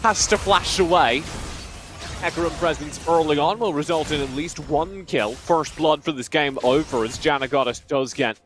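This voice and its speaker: A young man doing live play-by-play commentary on an esports match, upbeat and joking, his voice a little hoarse. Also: fairly high pitch, normal speed, a bit bright, faint music behind. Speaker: esports caster.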